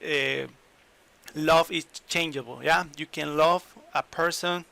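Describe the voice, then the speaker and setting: A man teaching in an online lesson, English, explaining slowly and repeating examples. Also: fairly high pitch, fairly even intonation, gravelly, bright, forceful tone. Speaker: Spanish teacher.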